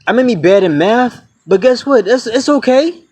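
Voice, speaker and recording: A man in his twenties with a very high, slightly mellow and slightly rough voice rants bluntly and animatedly at a moderate pace in a casual vlog. He swears freely, calling viewers "y'all" and "man."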